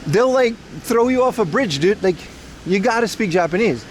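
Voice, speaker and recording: A man's voice: high voice, expressive, normal speed, a little hiss or hum. A Dutch man hosting a casual livestream while walking outside, rambling loosely, laughing often and talking to his chat. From Netherlands. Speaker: livestream host.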